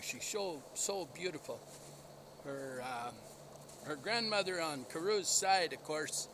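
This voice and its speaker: A man's voice: on the high side, noisy background. A man, a dog breeder, telling a rambling, enthusiastic story outdoors and laughing at himself. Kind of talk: casual storytelling vlog.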